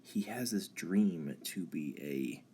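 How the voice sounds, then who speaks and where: A young man hosting a live stream, talking through ideas in a halting way with many ums and restarts. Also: low-pitched, animated, mellow, slight background noise. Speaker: channel host. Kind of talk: casual philosophy talk on a live stream.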